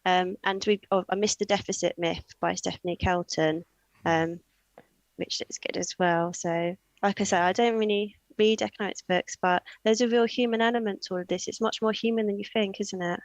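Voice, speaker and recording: A woman co-hosting a casual livestream chat, talking in a relaxed, conversational way. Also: mid-range voice, normal speed, no echo, poor audio. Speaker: co-host.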